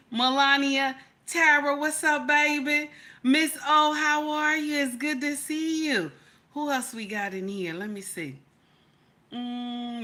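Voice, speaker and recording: Chatty woman with a bright voice. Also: sits high. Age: middle-aged. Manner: chatty, greets viewers by name, repeats "okay?" and "baby". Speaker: livestream host. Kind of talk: casual live chat.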